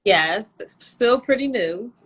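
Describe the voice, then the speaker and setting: Bright-voiced woman guest on a video call. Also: fairly high pitch, animated, slow pace, breathy edge, rough recording. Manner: friendly, short affirming replies. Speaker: guest, model and entrepreneur. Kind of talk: casual live interview.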